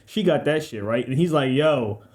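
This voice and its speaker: A man rambles through a casual game ranking in a mellow, somewhat high voice, swearing freely. He talks in loose slang and sarcastic asides. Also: animated, a little fast. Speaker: gaming video creator.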